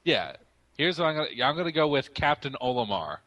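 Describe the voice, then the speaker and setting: A young man in a casual podcast chat, with a bright, slightly sharp tone. He explains things at length and pads his sentences with hesitant fillers. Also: a little high, big pitch swings, a little fast, highs cut off. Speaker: podcast co-host.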